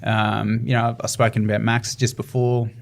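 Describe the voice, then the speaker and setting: Gravelly Australian man, earnest and rambling. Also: on the low side, flat delivery, moderate pace. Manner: earnest, rambling, many fillers and restarts. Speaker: guest, ultramarathon runner. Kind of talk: casual interview talk.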